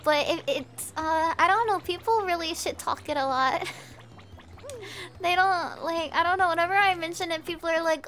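A young woman streaming a video game, chatting casually and rambling with viewers, quick to laugh and swearing freely. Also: extremely high pitch, fairly bright tone. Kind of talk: casual gameplay chat.

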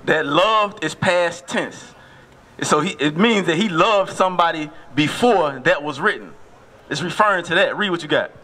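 A man preaching on a city street, questioning a passerby insistently and repeating verses slowly to stress them. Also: a little high, animated, bright, forceful tone.

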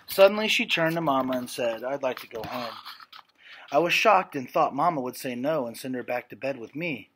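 A man reading a children's story aloud in a gentle, steady narrating voice. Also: medium pitch, fairly quick, few pauses, a little hiss or hum. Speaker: reader.

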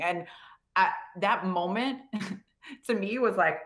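A woman who coached pro football, answering an interview question in casual, animated storytelling with lots of fillers and quoted voices. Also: mid-range voice, a little slow. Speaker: guest speaker, former pro football coach.

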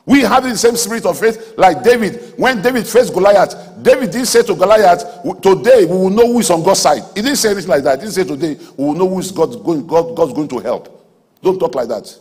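A man preaching a sermon in a large auditorium, emphatic, swinging between soft asides and loud exhortation. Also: high-pitched, slightly rough. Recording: hall reverb from a large auditorium.

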